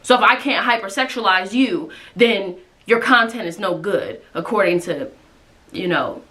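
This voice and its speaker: A woman's voice: medium pitch, normal speed, bright, forceful tone. A woman in her twenties telling a personal story to her viewers in a candid, casual way. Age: 20s. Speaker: vlogger.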